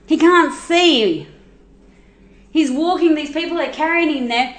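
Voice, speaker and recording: A woman telling a Bible story in a chatty, animated way, with asides and restarts. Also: high voice, unhurried, roomy sound. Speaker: Bible teacher.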